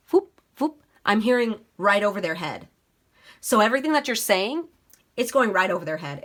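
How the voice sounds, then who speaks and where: A tarot reader with a medium-pitched, fairly bright voice gives a casual reading, chatting straight to her viewers and swearing freely.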